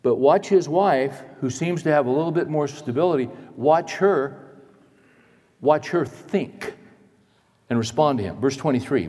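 A male pastor preaching a sermon in a church, dramatic, moving between loud emphasis and hushed asides. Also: medium pitch, measured pace, long reverb tail.

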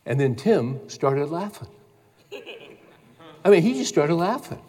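A man preaching a sermon as pastor, telling a story in a casual, animated way. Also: a little high, measured pace, in a large hall. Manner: storytelling, animated when quoting others.

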